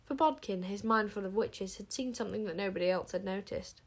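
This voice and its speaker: A woman reading a children's fantasy story aloud, lively and expressive. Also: a little fast. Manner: lively, voices the characters with big pitch jumps. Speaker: audiobook narrator.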